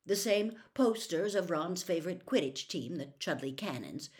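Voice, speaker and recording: A woman reading a novel aloud as a storyteller, with expressive, lively narration. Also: fairly low pitch, normal speed.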